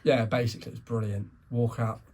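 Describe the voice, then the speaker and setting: A man's voice: mid-range voice, little pitch movement, fast talker, a little mellow. A tired young man co-hosting a podcast, telling a story in casual chat with frequent restarts and self-corrections. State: tired, yawning. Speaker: podcast co-host.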